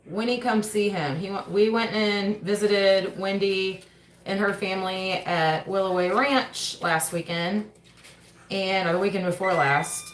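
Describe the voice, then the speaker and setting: A homestead channel host and mother runs a casual livestream mail call from her table at home, chatting and often stopping to talk to her kids. Her medium-pitched voice is fairly even in intonation and a little slow. The camera sits on the table, the home gives a roomy echo, and there is slight background noise.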